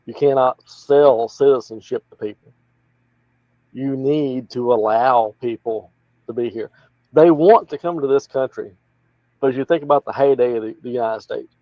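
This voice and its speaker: A man's voice: mid-range voice, moderate pace, warm tone, dry recording, lo-fi sound. A man with an Appalachian accent, talking in a plainspoken, folksy, rambling way as a political candidate in an interview. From North Carolina. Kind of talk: casual interview talk.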